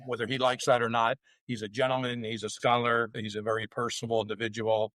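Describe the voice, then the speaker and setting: A man's voice: mid-range voice, level tone, quick pace, a bit bright, no room sound, poor audio. A man hosting a podcast interview, speaking conversationally and paying his guests compliments. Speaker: podcast host.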